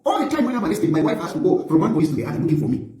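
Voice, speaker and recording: A man's voice: high voice, very animated, racing, roomy sound, a crowd in the background, rough recording. A middle-aged man giving an impassioned political address, emphatic and repetitive as he accuses and warns. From Zambia. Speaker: opposition politician.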